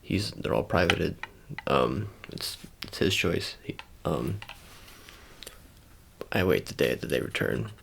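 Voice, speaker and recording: A man in a whispered role-play, talking softly and meanderingly to the listener as an eye examiner. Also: deep voice, lively intonation, takes it slowly, gravelly, pauses often, slight background noise. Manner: soft-spoken, meandering and conversational. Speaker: ASMR creator.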